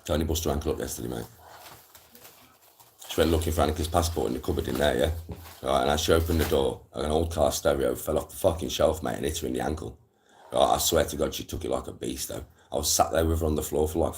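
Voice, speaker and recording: A man's voice: rumbling low, steady tone, quick pace, a little mellow. A man, chatting casually on a live stream and telling rambling stories full of slang and swearing.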